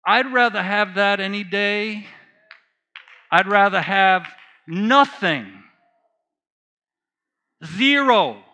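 Guy preaching, slow n earnest, kinda bright high voice, gets choked up on a note. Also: animated. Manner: earnest, emotional testimony, repeats phrases for emphasis. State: choked up while reading. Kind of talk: sermon.

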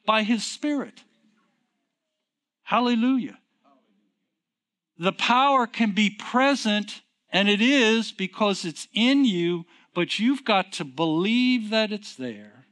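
A middle-aged man preaching a sermon in a conversational way, asking the congregation questions and swinging from quiet, low passages to emphatic, raised ones. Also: slow pace.

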